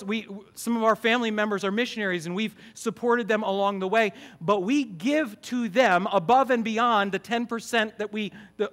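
A man's voice: sits high, fairly bright tone. A middle-aged man preaching a sermon as campus pastor, emphatic, often asking the congregation questions.

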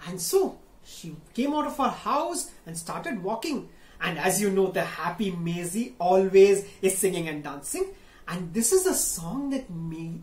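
A woman telling a children's story, slow and sing-song, talking directly to young listeners. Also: mid-range voice, darkish tone, echoey room.

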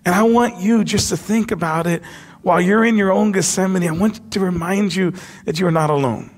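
High-voiced pastor preaching. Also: male voice, brisk. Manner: impassioned preaching, drops to a hush for quoted words. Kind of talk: sermon. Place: church sanctuary.

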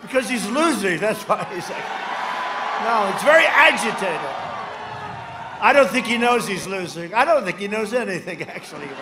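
An older man in his seventies speaks at an outdoor rally, rambling and repeating his phrases. His voice sits fairly high, and he lurches between shouted lines and quieter asides. The sound is roomy and echoey, with steady crowd noise underneath. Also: normal speed. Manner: rambling, repetitive, swings from loud shouts to low asides. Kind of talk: rally speech.

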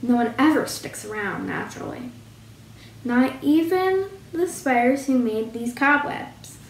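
Mopey old donkey, as a woman puts him on, lowered glum tone, roomy room. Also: measured pace, creaky, full character voice. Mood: gloomy. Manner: glum and flat. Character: gloomy old male donkey. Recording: roomy with faint hum.

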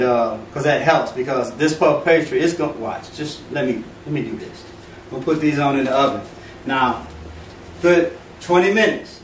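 A middle-aged man hosting a casual home cooking demonstration, joking and chatting straight to his viewers in relaxed slang. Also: mid-range voice, distant mic. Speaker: home cooking video host. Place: home kitchen. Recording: echoey kitchen from off-mic, faint room noise.

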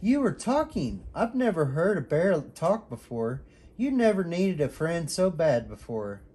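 A man voicing a gentle, cuddly male bear friend in a children's storybook, with a soft, soothing, sing-song delivery. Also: fairly high pitch, very animated, unhurried, husky, full character voice.

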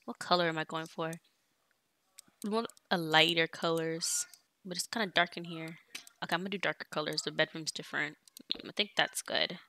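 A woman's voice: sits low, fairly even intonation, normal speed, sharp tone, slight background noise. A young woman casually commenting on her life-sim game as she plays, chatting to viewers and bossing her characters around. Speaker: let's play streamer.

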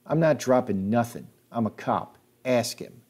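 A man's voice: medium pitch, a little slow, darkish tone, husky. A man voicing a corrupt, panicky small-town cop who blusters and defends himself. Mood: blustering.

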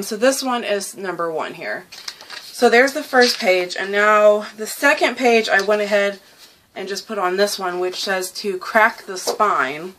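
A young woman vlogging casually about her journal, chatty and excitable, laughing often and full of fillers. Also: mid-range voice, a little hiss or hum.

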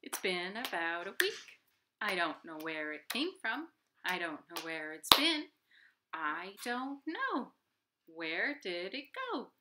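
A woman's voice: fairly low pitch, big pitch swings, slow pace, bright, forceful tone, a little hiss or hum. A woman hosting a library storytime from her home, reading a picture book aloud to children with gasps and playful sound effects.

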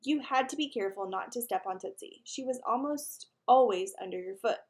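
A woman reads a children's chapter book aloud with animation, slowing down for emphasis and asking her young listeners questions. Her voice is a little high.

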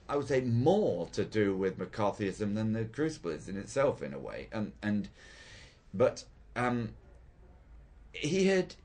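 An older man, a theatre director, recalling his work in an interview, thoughtful and hesitant with frequent pauses and restarts. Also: on the low side, darkish tone. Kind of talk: reflective interview recollection.

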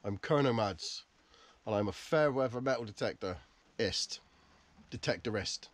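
Speaking to the camera in a relaxed vlog, this man chats away and mocks himself while moving in and around his camper van. His voice sits at a medium pitch and his pace is moderate.

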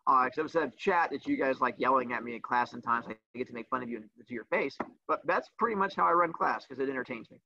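A man's voice: mid-range voice, fast, few pauses, pushed and bright, dry recording. A man teaching a livestreamed class, teasing his students in a sassy, playful way. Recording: dull lo-fi dry sound.

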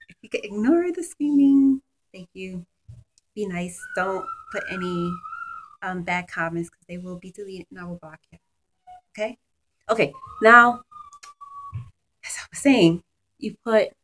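A woman's voice: fairly low pitch, a bit bright, a little hiss or hum, rough recording. A woman chatting at home about her favorite beauty products, gushing and using lots of fillers. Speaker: beauty vlogger. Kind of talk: casual product review. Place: at home, children nearby.

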